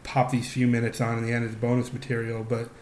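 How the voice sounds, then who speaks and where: A man's voice: medium pitch, monotone, fast, a little mellow. A man co-hosting a podcast in casual chat, rambling with frequent restarts and fillers. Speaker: podcast co-host. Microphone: podcast microphone. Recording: echoey room with faint noise.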